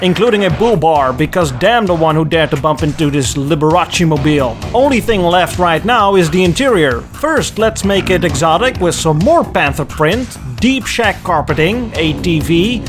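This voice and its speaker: A man narrating a car history video in a sarcastic, mocking way. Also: on the high side. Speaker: car history channel host.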